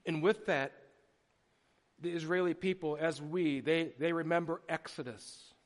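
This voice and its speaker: A man's voice: a little high, a little slow. A middle-aged man preaching a sermon as pastor, telling stories animatedly with frequent restarts. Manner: animated storytelling with repeated restarts. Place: church sanctuary. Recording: long hall reverb.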